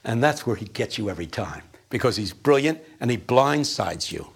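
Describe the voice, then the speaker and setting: A man's voice: medium pitch, moderate pace, creaky, breathy edge. A man lecturing a class, telling stories and acting out quotes with energy. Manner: animated, storytelling with acted-out quotes.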